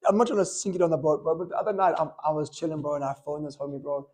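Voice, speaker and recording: Young guy rattling off stories super quick, kinda high voice, bro this bro that. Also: darkish tone. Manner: fast slangy storytelling, lots of "bro" and "like". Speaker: podcast co-host. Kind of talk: casual chat.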